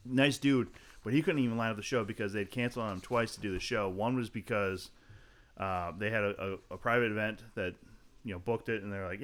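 A man's voice: lowish voice, a little fast. A man, a guest comedian, telling a story in a casual podcast chat, swearing freely and acting out the people in it with shifting voices. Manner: animated, acts out quotes in shifting voices.

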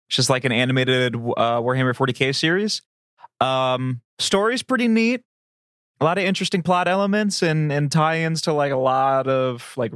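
A man's voice: medium pitch, fairly bright tone, dry recording, studio quality. A man co-hosting a casual podcast, telling long rambling stories with plenty of swearing. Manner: rambling, profane storyteller. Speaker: podcast co-host. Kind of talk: casual chat.

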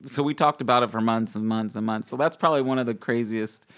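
A young man, the guest, giving an animated faith testimony in an interview; he acts out quoted lines in a high voice and laughs often. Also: fast.

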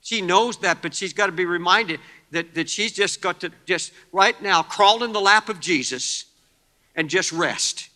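A man preaching a sermon to a congregation, fervent, moving from quiet talk to shouting. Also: high voice, unhurried. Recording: long hall reverb.

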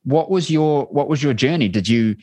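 A man with a New Zealand accent hosting a podcast interview, speaking with energetic, list-like emphasis. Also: mid-range voice, normal speed, dry recording. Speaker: podcast host. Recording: faint music behind voice.

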